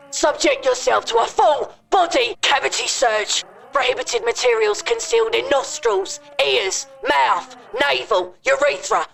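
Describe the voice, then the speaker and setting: A gravelly, screeching crazed old cop. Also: female voice, sits high, a bit bright, pitched above the performer's own voice, heavily acted. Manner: barks police jargon in frantic bursts. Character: aging deranged female street cop, shrieking.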